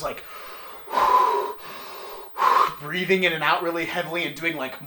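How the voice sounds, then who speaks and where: A man co-hosting a podcast, telling a story in casual chat, animated and swearing freely. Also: fairly high pitch. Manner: animated, swearing, laughing through his story. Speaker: podcast co-host.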